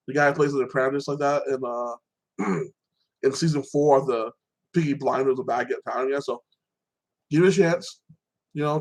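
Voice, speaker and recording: A man hosts a laid-back podcast, his voice on the high side and the recording quality poor. His TV episode recaps wander, full of false starts and a habitual tag of "like that."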